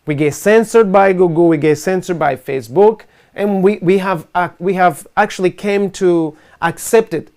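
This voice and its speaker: A man with a high-pitched voice hosts a live online talk show. He speaks in an earnest, emphatic way and presses his case through rhetorical questions and repetition. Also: normal speed, few pauses, a little mellow. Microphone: video call setup.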